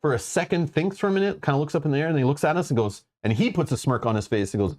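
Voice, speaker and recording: A man's voice: fairly high pitch, rapid-fire, a little mellow. Male host, loose joking storyteller, casual stream chat. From Canada. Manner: rambling storyteller with many fillers, joking. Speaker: show host.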